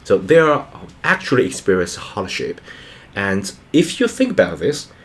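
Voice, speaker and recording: A man's voice: lowish voice, wildly swooping pitch, normal speed. A man in his thirties, a channel host and father, giving a reflective personal monologue in an earnest, hesitant way, with many fillers and restarts.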